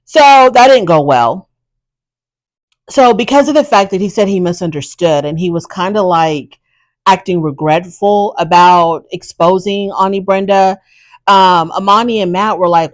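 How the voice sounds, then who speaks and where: A woman's voice: medium pitch, unhurried, no room sound, low-quality recording. Sassy opinionated woman recapping TV. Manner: chatty, opinionated, sassy asides. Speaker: reality TV recap host. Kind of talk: casual recap commentary.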